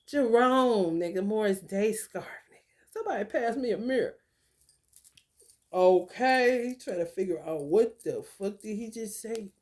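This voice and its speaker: A woman giving casual spiritual commentary, profane and animated, with laughing asides. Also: mid-range voice, unhurried. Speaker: spiritual reader.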